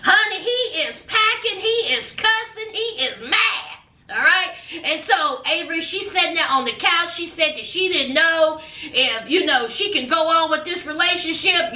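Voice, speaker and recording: A woman dishes on a reality show with sassy, dramatic gossip, calling the viewer honey and child. Her voice is extremely high and bright. She sounds set back from the mic in an echoey room. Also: lively intonation, normal speed. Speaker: reality TV recap vlogger. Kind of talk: sassy episode recap. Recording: roomy, from a distance.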